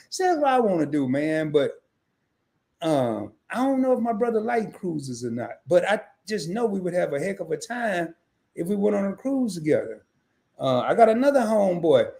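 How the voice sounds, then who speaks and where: A man's voice: fairly high pitch, moderate pace, vocal fry. A man hosting a casual travel livestream, chatting with viewers and acting out little dialogues. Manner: animated, acts out quoted dialogue; greets chat viewers by name. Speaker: livestream host.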